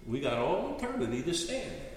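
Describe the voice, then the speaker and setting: A male pastor preaching with a lively, swinging voice pitched a bit high. He sounds distant from the mic, and a long reverb fills the big church hall around him. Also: fairly quick. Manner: animated, storytelling, earnest. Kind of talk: sermon.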